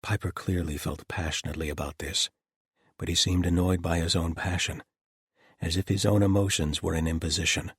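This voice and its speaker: Deep, husky male audiobook narrator. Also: fairly even intonation, fairly quick, no echo, clean studio sound. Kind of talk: scripted narration.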